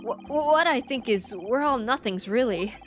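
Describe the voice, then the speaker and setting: A woman's voice: a little high, lively intonation, moderate pace, a bit bright, soft background music. A woman voicing a meek, stammering male street seller in a detective game. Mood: timid. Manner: stammering, self-deprecating.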